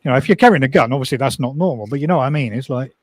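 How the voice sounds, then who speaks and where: A man in a casual group chat, telling animated stories and swearing freely. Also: medium pitch, racing. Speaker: regular chat guest.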